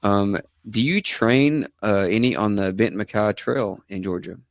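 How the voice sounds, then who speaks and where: A man hosting a podcast, asking questions in a relaxed, drawling way. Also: on the low side, normal speed, dry recording, studio quality. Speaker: podcast host. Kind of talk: casual podcast interview.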